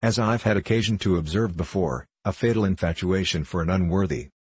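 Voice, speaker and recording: A man reading the part of a heavy, sulky, weary middle-aged man who speaks in a husky, deadened tone. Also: sits low, brisk, no echo. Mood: sullen.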